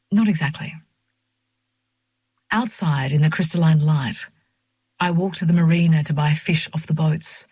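A woman narrating a first-person novel in a measured, reflective reading voice on a close mic. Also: low-pitched, a little mellow, husky, no echo. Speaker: audiobook narrator.

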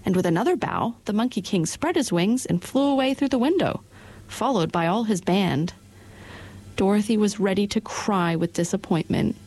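A woman narrating a children's storybook in a clear, even storytelling manner. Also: on the low side, normal speed. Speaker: audiobook narrator. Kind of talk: storybook reading.

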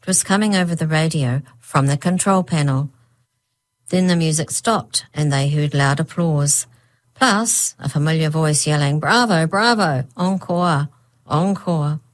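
A woman's voice: low voice, normal speed. A woman narrating a children's storybook aloud. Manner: reads with voiced characters. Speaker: audiobook narrator.

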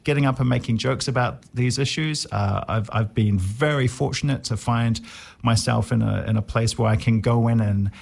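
A man's voice: medium pitch, normal speed, creaky. A man in his forties with a New Zealand accent, a comedian guest talking in a wry, self-deprecating way with many restarts. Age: 40s. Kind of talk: casual interview chat.

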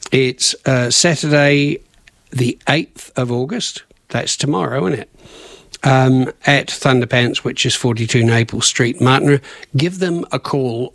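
A man's voice: medium pitch, no echo. A man hosting local radio, chatting casually and rambling through event notices with self-corrections. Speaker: radio host.

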